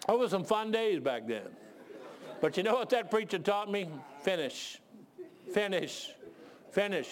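A man preaching a sermon and telling animated stories, sometimes out of breath. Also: high voice, unhurried. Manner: animated storytelling, shouts voices of others.

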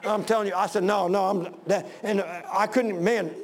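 A middle-aged male pastor preaching a sermon to his congregation, impassioned and repetitive, building up to shouting. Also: high voice, fairly even intonation, normal speed, creaky. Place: church sanctuary with congregation.

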